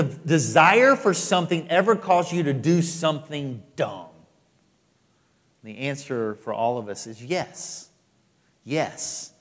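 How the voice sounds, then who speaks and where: A male pastor delivering an emphatic sermon, repeating phrases and swinging between loud and quiet. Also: a little high. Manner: emphatic, repetitive preaching with rising and falling intensity. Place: church hall. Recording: live sermon with long hall reverb.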